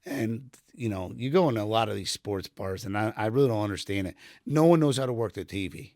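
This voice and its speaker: A man's voice: fairly low pitch, animated, fairly quick, a little mellow, no echo, clean studio sound. A middle-aged retired Army sergeant telling rambling anecdotes full of fillers, quoting people as he goes, in a casual podcast chat. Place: podcast studio room.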